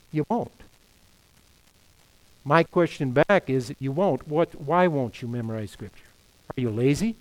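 A man's voice: on the high side, poor audio. A middle-aged man preaching a sermon as pastor, emphatic, firing off rhetorical questions and quoting scripture.

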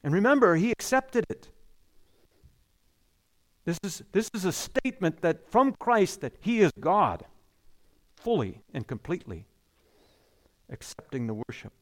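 A man preaching a sermon, stressing and repeating key phrases and letting his voice sink low and quiet at the ends of lines. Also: very animated, a little slow, long pauses.

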